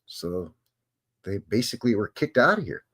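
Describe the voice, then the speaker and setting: A middle-aged man hosts a live stream, reading out viewer questions and riffing on them with quick asides. His pitch moves a lot, rising and dipping as he jokes. He speaks at a middle pitch, loose and talkative. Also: big pitch swings. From Canada. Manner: chatty, jokey, rambling with quick asides. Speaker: host.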